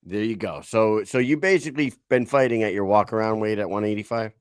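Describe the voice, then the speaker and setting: A lower-voiced man hosting a podcast, his voice close and dry with no room sound. He talks eagerly and trips over himself as he restarts his questions. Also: brisk, smooth, no echo. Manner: enthusiastic, stumbling restarts. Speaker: podcast host. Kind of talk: casual podcast interview.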